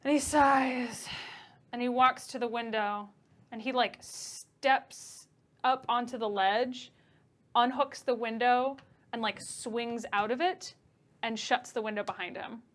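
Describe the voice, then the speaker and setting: A woman's voice: a little high, fairly even intonation, takes it slowly, a bit bright. Chatty young woman running a game. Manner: chatty, casual, many fillers. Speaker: game master. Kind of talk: narrating a tabletop game.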